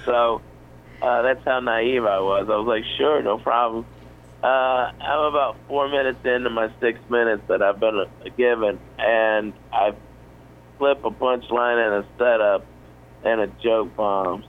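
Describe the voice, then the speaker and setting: A man in his forties tells an anecdote in a relaxed, wandering way, stopping and restarting often. His voice comes over a muffled, lo-fi radio line with a faint hiss underneath. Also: medium pitch, measured pace. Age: 40s. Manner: rambling, many fillers and restarts. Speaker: comedian guest. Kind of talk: casual storytelling on a radio show.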